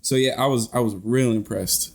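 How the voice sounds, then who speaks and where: A man's voice: mid-range voice, fairly even intonation, moderate pace. A man co-hosting a podcast, talking in a laid-back, slangy way with many restarts. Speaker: podcast co-host. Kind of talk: casual chat.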